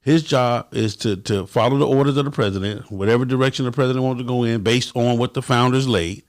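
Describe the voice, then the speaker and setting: A man's voice: medium pitch, fast talker. A man hosting a livestream for his motorcycle club, giving blunt, profane advice to viewers and acting out quotes in a raised voice.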